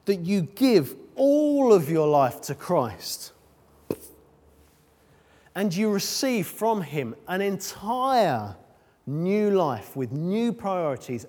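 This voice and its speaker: A preacher delivers a casual, conversational sermon, full of ums and self-mocking asides. His voice sits fairly high for a man and swings widely in pitch. It rings out with the long reverb of a large hall. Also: a little mellow.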